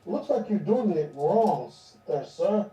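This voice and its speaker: A man's voice: high-pitched, lively intonation, measured pace, warm tone. A man playing a tabletop game, making laid-back, dry remarks over a dull, echoey recording. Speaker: player. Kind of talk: casual tabletop game chat. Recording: dull, echoey, distant mic.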